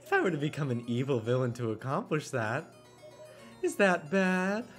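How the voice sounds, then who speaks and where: A man's voice: a little high, lively intonation, moderate pace, faint music behind, natural voice. A man voicing a vain, scheming robot queen who speaks in stiff, formal phrases without contractions. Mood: wistful scheming.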